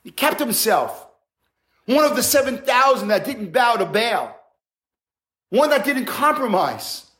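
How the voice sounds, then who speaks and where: A high-pitched male preacher delivering an earnest, emphatic sermon. His voice rings through an echoey church sanctuary, and he climbs higher as he presses each point home. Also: sing-song, unhurried, pauses often, bright, forceful tone.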